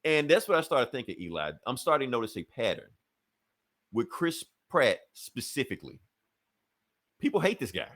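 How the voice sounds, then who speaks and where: Animated laughing male podcaster. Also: mid-range voice, moderate pace, long pauses. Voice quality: animated, swearing, laughs often. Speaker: podcast co-host. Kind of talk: casual chat.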